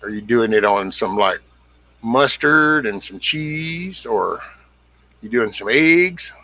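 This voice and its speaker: A middle-aged livestream host with a medium-pitched, sharp voice speaks slowly but animatedly. He rambles bluntly through a casual stream, reading comments, swearing freely, and greeting viewers by name.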